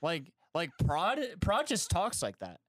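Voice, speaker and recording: A man's voice: fairly high pitch, huge pitch swings, a little slow, fairly bright tone, no echo, studio quality. A young man co-hosting a casual gaming podcast, telling stories in a laid-back, wry way. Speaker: podcast co-host.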